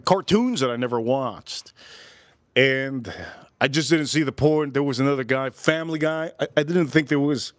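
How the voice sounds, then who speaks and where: Man, forties, livestream host, slightly high voice, loud and joking, rambling chat, dry close sound. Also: dry recording. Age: 40s.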